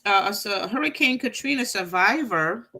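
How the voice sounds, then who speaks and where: A middle-aged woman with a bright, clear voice co-hosts a relaxed talk show. She reads a news story aloud at a steady pace, stumbling and restarting now and then. She chats easily with her co-host between passages. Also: medium pitch, normal speed. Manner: reads aloud with small restarts, warm laughs. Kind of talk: casual chat, reading an article aloud.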